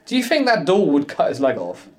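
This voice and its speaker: A man co-hosting a casual podcast while watching a show, excitable and quick to laugh. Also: on the high side. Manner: excitable, laughing, jumps into quoted impressions. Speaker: podcast co-host.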